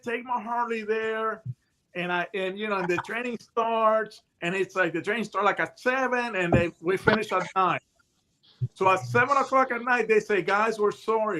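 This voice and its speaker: A man in his late fifties, a retired hostage negotiator, telling stories in a casual chat, animated and full of restarts and voiced quotes. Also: high voice. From United States. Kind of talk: casual storytelling.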